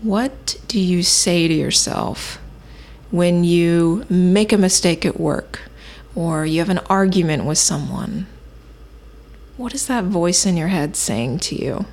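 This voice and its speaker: A woman hosting a self-help podcast, teaching in a calm, measured way and thinking aloud with occasional fillers. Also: fairly low pitch. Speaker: podcast host.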